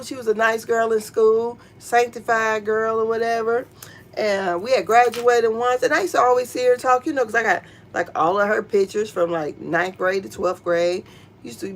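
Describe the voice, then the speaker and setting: A middle-aged woman giving casual gossip commentary, blunt and profane, who jumps into squealing high voices when she quotes people. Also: a bit bright. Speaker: show commentator.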